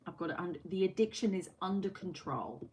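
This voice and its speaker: A woman chatting on her livestream, voice sitting a little low, with a faint hiss of noise behind her. She answers viewer comments in a loose, chatty way and drops the odd swear word. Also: animated, a little fast, a little mellow, rough recording. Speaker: livestream host. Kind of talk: casual live-stream chat.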